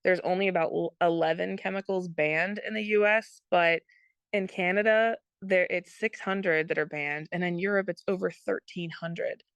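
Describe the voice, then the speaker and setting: A woman's voice: lowish voice, fairly even intonation, normal speed, clear, resonant tone, no room sound, muffled recording. A woman guest on an interview podcast, explaining earnestly with frequent ums. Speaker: guest, product consultant. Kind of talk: casual interview talk.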